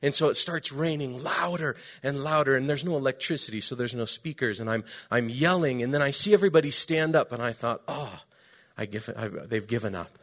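A man preaching a sermon, telling a story with emphatic swings between loud and hushed delivery. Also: mid-range voice, brisk, few pauses. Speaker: pastor.

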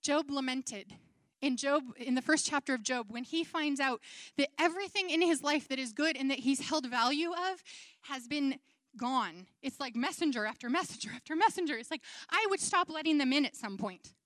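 Woman giving a sermon, earnest and chatty, high voice, dry close sound. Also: animated, moderate pace, a bit bright, dry recording. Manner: earnest, conversational, with dramatized quotes. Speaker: preacher.

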